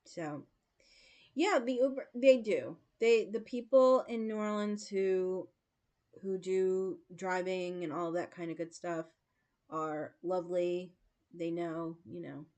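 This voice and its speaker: A woman's voice: lowish voice, takes it slowly, a little mellow. A woman in her late forties, chatting casually with her viewers as host of a livestream and telling stories with frequent laughs and fillers. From United States. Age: 40s. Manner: chatty storytelling, laughs often, many fillers.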